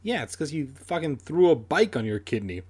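A man's voice: a little high, sing-song, normal speed, darkish tone, slightly rough. A young man reading a children's horror book aloud with sardonic, crude comic asides. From San Diego area.

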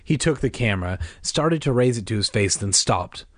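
A man's voice: medium pitch, animated, moderate pace, fairly bright tone, no echo, clean studio sound. A man reading a children's book aloud, tossing in wry asides. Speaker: reader.

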